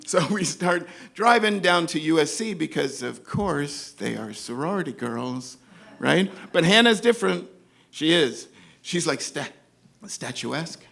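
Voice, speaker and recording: A man's voice: sits high, moderate pace, vocal fry. A man telling a comic story from his life to an audience, acting out the voices of the people in it. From New York. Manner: animated, acts out other characters' voices. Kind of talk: live comedic storytelling.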